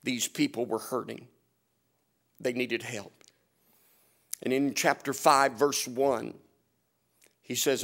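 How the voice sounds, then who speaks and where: A man preaching a storytelling sermon in a folksy, humorous way, chuckling often and swinging between loud and hushed delivery. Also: medium pitch, steady tone, takes it slowly, vocal fry, pauses often. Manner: often chuckles while telling stories.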